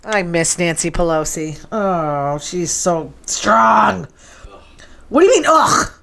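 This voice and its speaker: A woman hosting a show in casual chat, sassy and quick to tease. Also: on the low side, animated, creaky, fairly bright tone. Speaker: show host.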